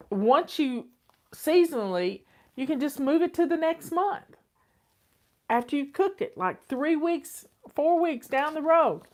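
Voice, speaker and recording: A woman's voice: sits high, a little mellow. An older woman, chatting casually and repeating herself as she answers viewer questions as host. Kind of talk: casual advice chat.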